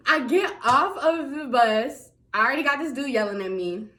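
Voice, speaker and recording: A young woman tells a story straight to her viewers in a chatty vlog, high-pitched and swinging all over her range. She laughs often and keeps calling them y'all. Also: animated, moderate pace, few pauses, pushed and bright. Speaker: vlogger.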